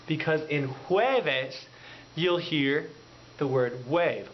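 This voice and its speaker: A slow, patient man teaches a lesson by call and repeat, stretching each word out. His fairly high voice swings up and down as he drills words. The recording sounds dull and lo-fi, with a faint hiss behind it. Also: big pitch swings. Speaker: language teacher.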